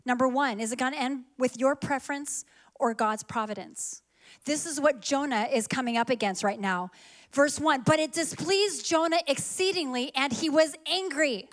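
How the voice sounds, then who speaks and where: A woman preacher with a bright, high voice delivers an animated sermon. She reads scripture aloud and prompts the congregation to repeat lines after her.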